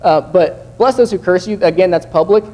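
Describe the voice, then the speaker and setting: A man's voice: sits high, normal speed, mellow, rough recording. Conversational young man preaching a sermon. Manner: conversational, acts out quoted voices.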